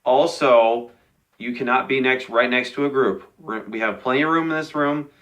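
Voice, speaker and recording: A man's voice: mid-range voice, normal speed, fairly bright tone. A young man teaching a class, patiently explaining partner reading rules and checking in with "okay" after each one. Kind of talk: modeling classroom instructions to young students.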